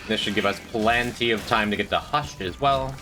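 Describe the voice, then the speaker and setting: A man's voice: fairly low pitch, normal speed. A man streaming a game, chatting with viewers in a dry, joking way. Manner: dry, joking, talks to chat. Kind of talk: casual gameplay commentary. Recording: faint music behind.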